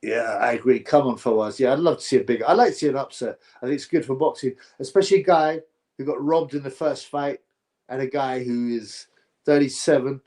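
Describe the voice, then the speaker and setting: A man hosting a live stream, chatting to viewers and reacting excitably to a fight. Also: medium pitch, brisk. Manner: chatty, excitable, slangy, talks to chat viewers.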